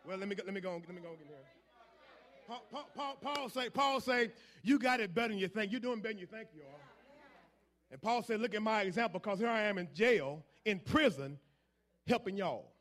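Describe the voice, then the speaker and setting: A man preaching a sermon, building from quiet asides to loud call-and-response shouts. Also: sits high, animated, fast talker.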